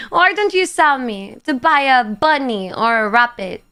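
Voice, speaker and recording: A woman in her twenties chats on a livestream, teasing her viewers and answering their comments. Her voice sits a little high and sounds bright and crisp. She takes her time with each phrase. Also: expressive, measured pace, hardly any pauses. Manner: playful, teasing, swears casually. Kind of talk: casual chat reading viewer comments.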